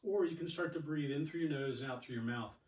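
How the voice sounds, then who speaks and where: A man's voice: on the high side, fast, darkish tone. A man leading a yoga and exercise class, chatty and encouraging as he talks through each cue. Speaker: yoga and fitness instructor. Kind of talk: guided exercise instruction. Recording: echoey room, mic at a distance.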